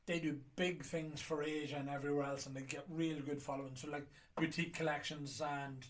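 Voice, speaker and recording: A man with an Irish accent and a fairly high voice chats casually as a whiskey auction host. He is jokey and rambling, with an easy, offhand way of talking. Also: flat delivery, brisk. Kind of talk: casual chat.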